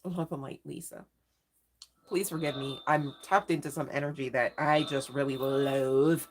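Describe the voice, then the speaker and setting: A woman's voice: rumbling low, steady tone, normal speed. A woman giving a casual live tarot reading, slangy and emphatic, talking straight to her viewers. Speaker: tarot reader. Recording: faint music in background.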